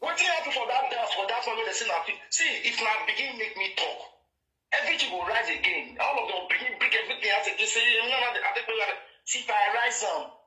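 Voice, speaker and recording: Nigerian Pidgin-accented man, boastful confrontational rant to camera, very bright sharp voice. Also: very high voice, quick pace, roomy sound, rough recording. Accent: Nigerian Pidgin English. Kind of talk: heated monologue rant to camera.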